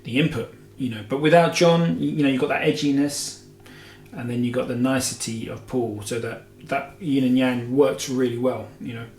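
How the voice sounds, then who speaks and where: A guitar show host answers viewer questions in a steady, slightly mellow, medium-pitched voice at a moderate pace. His casual chat rambles, packed with "you know"s, restarts, and self-corrections. The room echoes, with faint music behind him.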